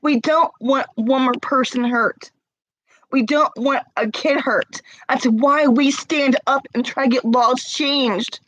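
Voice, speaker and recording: Slow, tearful woman confronting someone. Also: sits high, fairly even intonation, a bit bright, no echo, highs cut off. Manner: confrontational, repeated pointed questions. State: crying. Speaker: vlogger. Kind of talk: emotional direct-to-camera rant.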